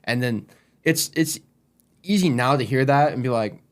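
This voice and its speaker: A man's voice: medium pitch, lively intonation, normal speed. A man in casual conversation, reflecting on faith with loose, filler-heavy phrasing. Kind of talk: casual chat.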